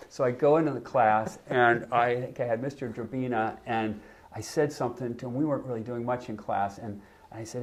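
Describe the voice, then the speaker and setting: A man in his sixties, a podcast guest, telling an animated anecdote in casual chat with frequent restarts. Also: mid-range voice, brisk. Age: 60s. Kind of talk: casual storytelling.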